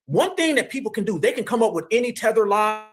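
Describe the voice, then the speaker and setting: High-voiced, preachy live-stream commentator man. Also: big pitch swings, quick pace, a bit bright. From Ohio, USA. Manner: preachy, emphatic, keeps calling the audience "fam" and "family".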